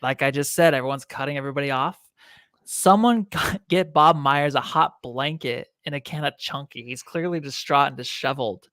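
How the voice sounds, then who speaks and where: A man's voice: fairly high pitch, animated, a little fast, fairly bright tone, no room sound, studio quality. Swearing, blunt male podcast co-host. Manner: blunt, swears, laughs often. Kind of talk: casual sports podcast banter.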